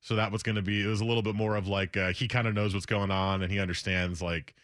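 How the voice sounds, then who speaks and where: Young guy radio host chatting away, lowish voice, dry close sound. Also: fairly even intonation, fast talker, a bit bright, dry recording. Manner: chatty, rambling with restarts. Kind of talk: casual chat.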